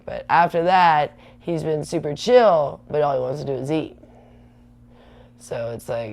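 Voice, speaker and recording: A woman's voice: rumbling low, gravelly, a little mellow. A woman in her thirties hosting a livestream, rambling chattily and answering viewer comments. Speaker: livestream host. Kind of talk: casual rambling livestream chat.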